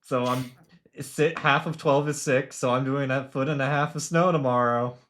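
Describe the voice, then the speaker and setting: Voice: medium pitch, steady tone, normal speed, fairly bright tone. A live-stream gamer chatting casually with wry, self-deprecating jokes. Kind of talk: casual gaming chat.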